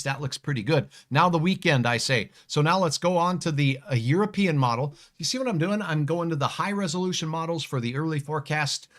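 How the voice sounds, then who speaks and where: A man's voice: fairly high pitch, fairly bright tone. A man giving a casual, joking livestream weather forecast and answering viewer comments.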